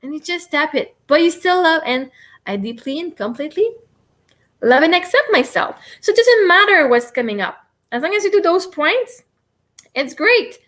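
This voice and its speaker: A woman's voice: very high voice, lively intonation, moderate pace, fairly bright tone. A woman hosting a casual livestream, explaining and demonstrating tapping in a chatty, rambling, self-deprecating way. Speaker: livestream host teaching tapping.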